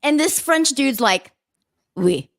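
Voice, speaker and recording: Woman co-host, fairly high voice, brash and profane, animated storyteller. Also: measured pace. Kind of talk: casual talk show banter.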